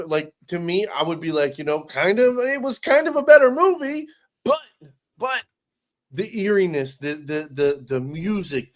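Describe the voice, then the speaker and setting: Profane rambling man, fairly high voice. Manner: profane, rambling with many restarts. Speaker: podcast co-host. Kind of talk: casual chat.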